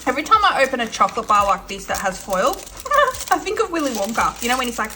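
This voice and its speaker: A woman's voice: medium pitch, expressive, brisk, noisy background. An Australian woman vlogging casually to camera, chatty and effusive, giggling and talking while she eats snacks. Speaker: budgeting vlogger.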